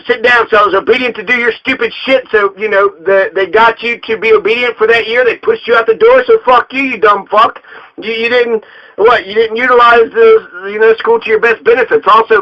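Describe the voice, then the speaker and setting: A man from Colorado, a local political candidate, delivering an angry, profane political rant full of swearing. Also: high voice. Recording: dull lo-fi recording.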